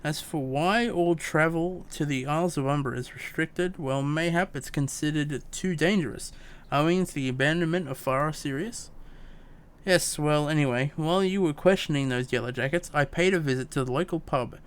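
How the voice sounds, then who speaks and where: A man's voice: on the high side, moderate pace, clear, resonant tone, lightly acted. A man reading game dialogue aloud as a fussy, long-winded young woman scholar, stumbling over words. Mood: prim.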